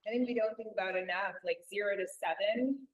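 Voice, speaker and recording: A woman's voice: mid-range voice, a little fast, low-quality recording. A woman therapist speaking on a panel in a loose, conversational way, full of "like". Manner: loose, with many fillers of "like". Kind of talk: conversational talk.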